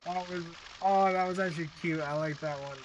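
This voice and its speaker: A man hosting a live stream talks loosely and cheerfully, with a slightly high voice and rambling asides. His delivery is casual reaction commentary. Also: fairly even intonation, fast talker, dull audio, noisy background. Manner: chatty, amused, rambling asides. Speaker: livestream host.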